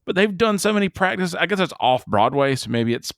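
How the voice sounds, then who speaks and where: A man co-hosting a casual movie review podcast, rambling and animated, breaking into mocking impressions. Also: fairly high pitch, brisk, dry recording, clean studio sound. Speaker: podcast co-host.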